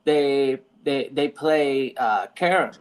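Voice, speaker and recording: A man in casual stream chat, explaining things in a rambling, halting way with many restarts. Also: medium pitch, smooth, rough recording. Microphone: streaming call mic.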